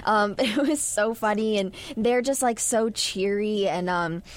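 A woman's voice: medium pitch, unhurried. Giggly, chatty young woman. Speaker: actress guest. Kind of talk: casual interview chat.

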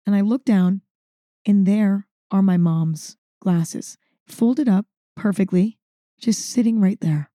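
A woman's voice: mid-range voice, takes it slowly, no room sound, clean studio sound. A woman hosting a podcast, telling a story in a casual, chatty way and saying "like" often. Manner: chatty, says "like" often, animated. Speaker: podcast host.

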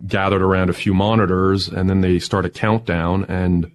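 A man with a fairly low voice recounting a wild day in a lively interview, talking with building excitement and breaking into laughter along the way. His tone stays energetic and storytelling. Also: moderate pace. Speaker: tech entrepreneur guest.

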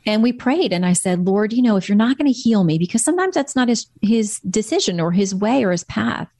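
A woman's voice: medium pitch, expressive, brisk, mellow, no room sound, studio quality. A woman guest in a candid interview, talking earnestly and reflectively about her faith.

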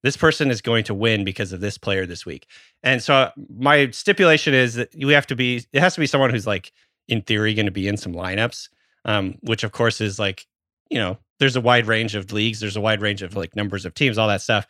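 A man's voice: fairly low pitch, brisk, bright, forceful tone, no echo, studio quality. A man in his thirties co-hosting a podcast, telling a story in casual chat and swearing freely. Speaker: podcast host.

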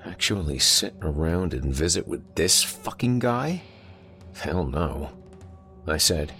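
A man narrating a first-person horror story in a tense, measured manner. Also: a bass voice, pushed and bright, faint music behind.

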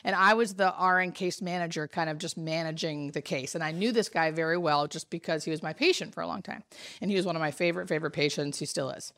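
Brief: woman, late 30s, hospice nurse, animated storyteller, lower voice, dry recording. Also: quick pace, no echo. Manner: animated storyteller, chatty with fillers. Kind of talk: casual chat.

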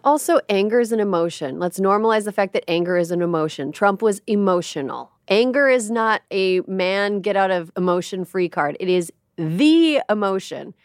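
A woman hosting a podcast in casual chat, wry and emphatic with quick asides. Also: mid-range voice, clear, resonant tone, dry recording, clean studio sound. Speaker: podcast host.

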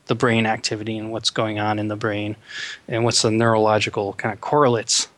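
A man's voice: on the low side, level tone, brisk, a bit bright, dry recording. Man explaining science in a dry voice. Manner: explanatory, many fillers like "you know". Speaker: neuroscientist guest. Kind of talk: casual interview talk.

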